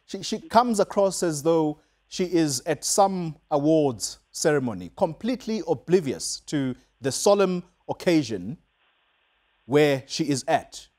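A man's voice: a little high, lively intonation, measured pace, a little mellow. A man with a South African accent anchoring a live television news interview, pressing his guest with skeptical questions.

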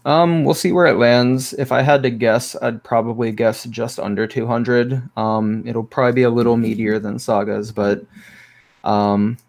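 A man guesting on an interview over a video call, explaining his game in a relaxed, easygoing way. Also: medium pitch, moderate pace, gravelly. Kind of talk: casual interview chat.

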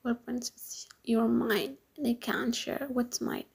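A woman voices a brooding, possessive young mafia man in whispered role-play. The voice is gravelly and breathy, with a dark, mellow tone and almost no rise or fall in pitch. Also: monotone, brisk. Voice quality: breathy, hushed.

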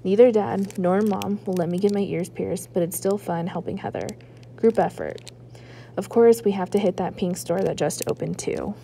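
Mellow-voiced woman reading a chapter book aloud. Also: mid-range voice, moderate pace, creaky, a little hiss or hum. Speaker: school librarian reading aloud.

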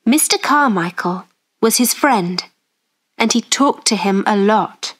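Slow, clear woman storyteller. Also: mid-range voice, expressive. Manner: clear, deliberate. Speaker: story narrator. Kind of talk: slow graded-reader narration.

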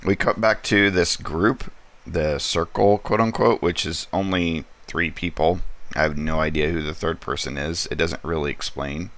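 A man's voice: sits low, steady tone, moderate pace, a bit bright. A man hosting a casual comic book review, rambling through the story with lots of fillers and an amused tone.

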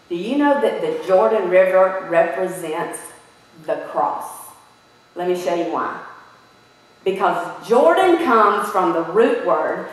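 A woman preaching a sermon in an animated way, putting questions to her listeners. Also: medium pitch. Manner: animated, asks the audience questions. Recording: echoey hall from far off.

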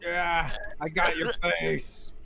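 A man giving goofy, casual commentary while playing a video game, often laughing and yelling at the game. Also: on the high side, little pitch movement, slow pace, creaky, a crowd in the background. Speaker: gamer.

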